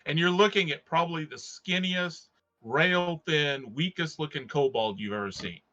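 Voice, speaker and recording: A man's voice: on the high side, moderate pace, bright, forceful tone, dull audio. A man playing a tabletop game, describing his character's actions in vivid narration. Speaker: player.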